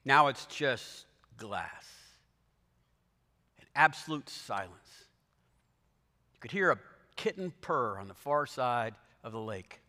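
A man's voice: mid-range voice, expressive, slow, pauses often, pushed and bright, long reverb tail. A man preaching a sermon as pastor, telling a story with dramatic quoted lines.

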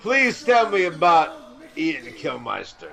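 Male co-host, gravelly, bright, brief interjections. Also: a little high, wildly swooping pitch, takes it slowly. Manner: short prompting questions and interjections. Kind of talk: casual chat.

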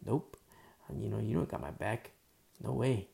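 A man preaches in an easygoing, conversational way, leaning on fillers and often sinking to a quiet murmur. His voice is heavily gravelly with a lot of fry and a dark, mellow tone. It sounds like a casual church message. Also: lowish voice, lively intonation, a little slow. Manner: informal, many fillers, drops to soft murmurs. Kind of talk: conversational sermon.

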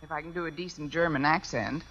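A woman's voice: deep voice, fast. An actress in a 1950s radio sitcom playing a dry, wisecracking schoolteacher working a switchboard. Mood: wry. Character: wisecracking, sarcastic woman schoolteacher. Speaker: English teacher. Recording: dull old radio broadcast, loud hiss.

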